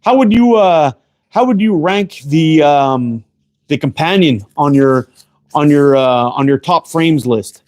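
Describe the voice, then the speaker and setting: A slingshot maker with a slightly high voice speaks slowly through a relaxed woodworking livestream. He sits close to the camera, leaning in to read chat, casually cursing and greeting viewers by name as he works.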